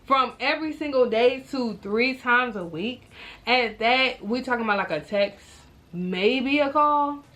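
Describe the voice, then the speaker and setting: In a casual vlog, a young adult woman tells her viewers a personal story, talking directly to them and animatedly acting out her own reactions. Her pitch is fairly high and she speaks a little slowly.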